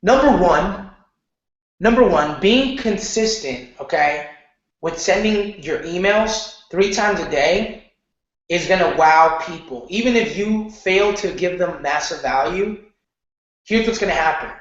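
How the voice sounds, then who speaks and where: A man teaching an online marketing lesson in a casual, animated way, often checking in with "okay?" and slipping into slang. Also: sits high, measured pace. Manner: animated, repeats "okay?", loose slangy talk. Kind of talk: casual training lecture. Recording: very echoey, muffled room.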